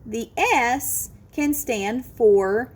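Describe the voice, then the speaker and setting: Teaching a phonics lesson to children, a woman slowly sounds out each word and offers encouragement. Her voice is fairly high and husky.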